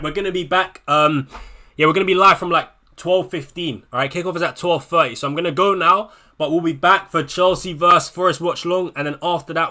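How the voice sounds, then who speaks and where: Guy live streaming to chat, jittery and sweary, keeps repeating himself, bright tense voice, a bit high. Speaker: fantasy football streamer.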